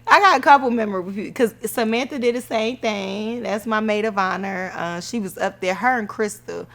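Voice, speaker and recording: A woman's voice: medium pitch, fairly quick, creaky. Chatty woman telling wedding stories. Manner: animated storytelling, laughing often. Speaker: podcast co-host, newlywed bride. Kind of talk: casual chat.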